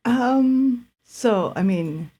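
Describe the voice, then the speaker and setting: A woman's voice: fairly high pitch, lively intonation, drawn-out words, dark tone. A woman playing a tabletop role-playing game, asking questions in a tentative way. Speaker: player. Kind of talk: tabletop role-play chat.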